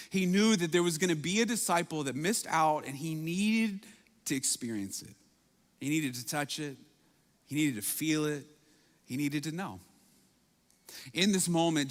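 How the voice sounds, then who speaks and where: Man preaching in a reverberant hall. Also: a little high. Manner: dramatic shifts between soft intimate lines and loud bursts. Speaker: pastor. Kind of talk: sermon.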